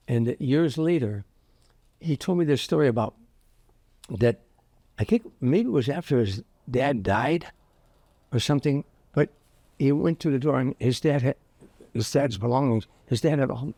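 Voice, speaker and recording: An older man, a comedian guest, telling anecdotes in an interview with lively restarts. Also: mid-range voice, no room sound. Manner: anecdotal, animated with repeated restarts. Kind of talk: storytelling interview.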